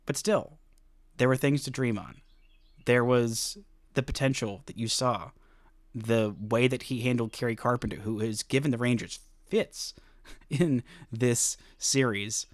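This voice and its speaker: Male sports podcast host, casual and animated, self-mocking with frequent laughs, mid-pitched, close dry mic. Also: unhurried, no echo.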